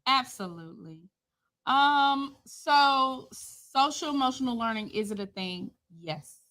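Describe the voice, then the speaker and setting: Co-host: woman educator, somewhat high voice, playful, quick to interject. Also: lively intonation, sharp tone. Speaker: podcast co-host, educator with a doctorate. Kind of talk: casual conversational chat.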